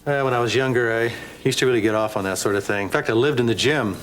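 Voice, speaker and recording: An actor playing an easygoing physical therapist in a TV drama, speaking calmly. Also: male voice, mid-range voice, quick pace, lightly acted, poor audio. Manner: calm and easygoing. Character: easygoing, self-aware male physical therapist. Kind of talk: daytime TV drama acting.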